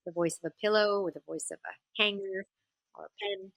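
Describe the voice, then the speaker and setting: A woman voice actor and singer chatting as an interview guest, telling stories in an animated way and slipping into character voices. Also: medium pitch, a little fast, no room sound. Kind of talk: casual interview chat.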